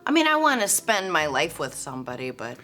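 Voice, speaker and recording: A woman's voice: sits low, very animated, fairly quick, sharp tone, faint music behind. A woman in her forties, chatting as an interview guest, rambling and self-deprecating. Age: 40s. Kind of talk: casual chat.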